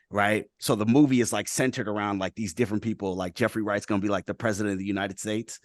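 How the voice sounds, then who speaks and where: A man's voice: lowish voice, steady tone, fast, few pauses, no echo, clean studio sound. A man hosting a casual group chat over a video call, talking loosely and rambling, with lots of "like" and "right?". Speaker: show host.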